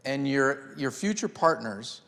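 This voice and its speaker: A man hosting an interview, asking probing questions and backing them with quick affirmations. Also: mid-range voice, expressive, a bit bright, big-room sound. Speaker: interview host. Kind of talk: conversational interview.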